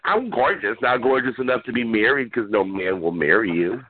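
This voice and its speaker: A man calling into a phone chat line, trading brash, sassy insults with a drawn-out delivery. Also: on the low side, narrow, tinny audio. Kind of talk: trash-talking phone chat.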